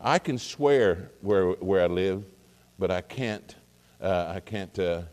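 A man's voice: low-pitched, animated, takes it slowly, a little mellow. A man preaching, telling a rambling folksy story with many fillers and restarts. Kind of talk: casual sermon anecdote. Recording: long hall reverb.

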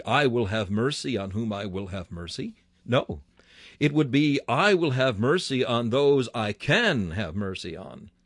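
A man's voice: medium pitch, no room sound. A man preaching a sermon with fervent delivery, his voice rising sharply on key words.

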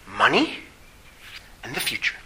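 Man, middle-aged, pastor, sermon, very bright voice, rhetorical questions. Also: medium pitch, huge pitch swings, poor audio. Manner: preaching with rhetorical questions and emphatic slow phrases.

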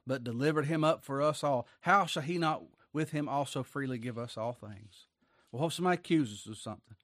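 A man preaching a sermon. He reads scripture aloud, rises to emphatic peaks, then drops low for quiet asides. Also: fairly quick, dry recording, studio quality.

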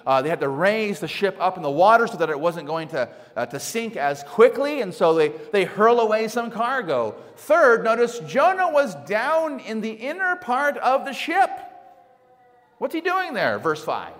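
A man preaching a sermon as pastor, speaking in an animated way and asking his congregation rhetorical questions. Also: high voice, moderate pace. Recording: long hall reverb.

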